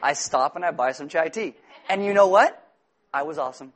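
A man preaching a sermon as pastor, telling stories in a lively, self-mocking way with asides to the congregation. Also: high voice, normal speed.

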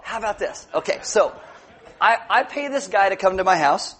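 A man's voice: high-pitched, animated, quick pace, a crowd in the background, noisy background. A male pastor giving a playful, jokey sermon in a church, bringing volunteers up and joking with the congregation. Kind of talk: sermon with audience interaction. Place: church sanctuary.

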